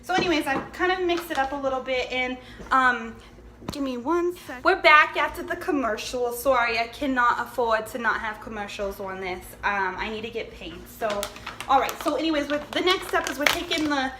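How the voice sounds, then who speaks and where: A woman's voice: sits high, moderate pace, natural voice. A woman doing a brash Jersey housewife host. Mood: gossipy. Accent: New Jersey. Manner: chatty, rambling, profane, calls viewers honey. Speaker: cooking show host. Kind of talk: comedic cooking sketch. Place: home kitchen. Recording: echoey room with faint background noise.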